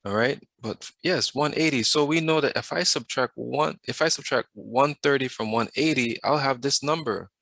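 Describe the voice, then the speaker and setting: A man's voice: mid-range voice, moderate pace, vocal fry, hardly any pauses, fairly bright tone, dry recording. A man teaching a math class over a video, often stopping to put questions to the students and waiting for answers. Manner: asks the class questions, patient.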